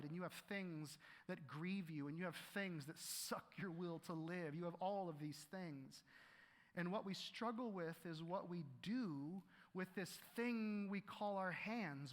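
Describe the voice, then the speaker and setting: A man preaching a sermon to a congregation, animated, often repeating words and acting out quotes. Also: high voice. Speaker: pastor. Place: church hall. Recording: live hall reverb.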